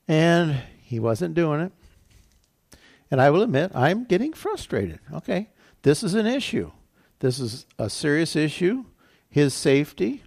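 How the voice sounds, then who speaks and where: A man's voice: on the high side, sing-song, a little slow, creaky, a little mellow, dry recording, studio quality. An older man preaching a sermon as pastor, telling a personal story in a conversational way with frequent restarts. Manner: conversational, storytelling with self-corrections.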